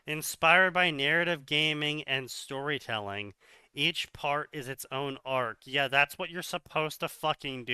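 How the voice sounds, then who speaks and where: Bright-voiced man reading with sarcastic asides. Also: a little high, a little slow, smooth, no room sound. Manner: swears often, mocking asides. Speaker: co-host reading fanfiction aloud. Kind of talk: sarcastic commentary on a read-aloud text.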